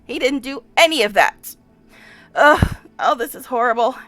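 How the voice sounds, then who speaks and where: A woman's voice: sits high, animated, normal speed, a bit bright, soft background music. A woman giving casual let's-play commentary and reading game text aloud, distressed and exasperated, sighing and repeating herself. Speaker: game streamer.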